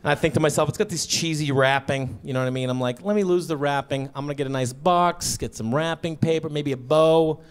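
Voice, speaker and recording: A man's voice: a little high, fairly quick, hardly any pauses, clean tone. A man performing a stand-up comedy set, telling a story in an awkward, sheepish way with bursts of exasperation. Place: comedy stage before a live audience.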